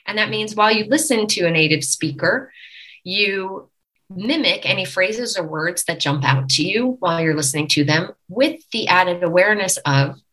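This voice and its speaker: Bright-voiced woman dialect coach. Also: lowish voice, poor audio. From Long Island, New York. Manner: animated, instructive explanations. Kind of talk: podcast interview.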